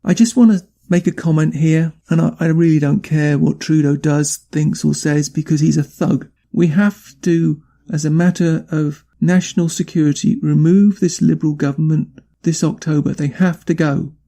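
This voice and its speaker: A man's voice: fairly high pitch, fairly even intonation, moderate pace, gravelly, few pauses, mellow. A man hosting a podcast, delivering an indignant, emphatic political rant. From not from Canada. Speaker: podcast host. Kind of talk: angry political commentary.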